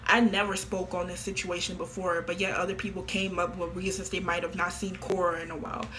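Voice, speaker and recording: A woman's voice: fairly low pitch, level tone, brisk, background noise. A woman talking casually to camera in an offhand, slangy and repetitive way. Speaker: vlogger.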